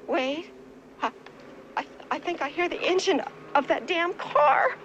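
A woman's voice: very high voice, big pitch swings, full character voice. An actress playing a frightened young woman alone at home, stammering on the phone, heard as muffled film audio. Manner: stammering, halting. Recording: muffled film audio under loud noise.

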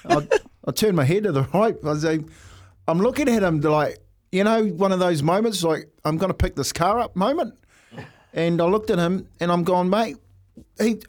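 A man with a New Zealand accent co-hosting breakfast radio, telling a story with animated, laughing delivery. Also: fairly high pitch. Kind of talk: casual radio banter, storytelling.

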